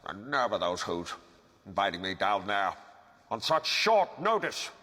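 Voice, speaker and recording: A man's voice: lowish voice, sing-song, unhurried, bright, forceful tone, long reverb tail, heavily acted. An actor playing a grumpy, reclusive male creature who sarcastically lists his gloomy schedule, heard far off as a film clip. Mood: sardonic.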